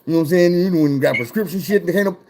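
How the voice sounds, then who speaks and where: A man telling a profane, animated personal story in casual talk. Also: sits high, very fast. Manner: profane, animated, acts out voices.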